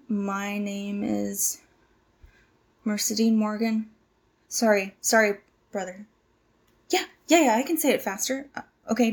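A woman's voice: mid-range voice, a little mellow. A woman in her twenties playing a nervous young cult initiate who stammers, apologizes and tries hard to please. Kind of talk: audio drama monologue.

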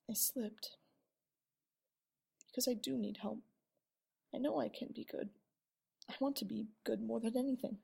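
A woman in a whispered role-play, voicing an ashamed young woman who confides haltingly and apologizes often. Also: a little high, exaggerated voice. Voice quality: soft, hushed and breathy. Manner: halting and apologetic, with many restarts.

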